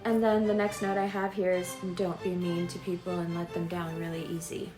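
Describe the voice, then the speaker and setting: A woman giving a casual horoscope reading in a chatty, animated way, sometimes acting out imagined dialogue. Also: lowish voice, moderate pace, reverberant, over music. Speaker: astrologer.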